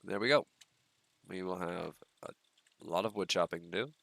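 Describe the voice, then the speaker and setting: With vocal fry and no room sound, a young streamer's low voice moves at a moderate pace. He has a stuffy nose and gives casual, rambling commentary on his game, leaning on frequent ums and uhs.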